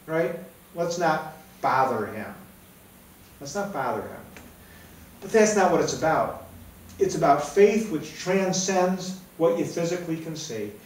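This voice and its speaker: A man's voice: fairly high pitch, a little mellow. Echoey man preaching from afar. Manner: conversational, keeps asking "right?". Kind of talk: sermon. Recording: very echoey room, mic far off.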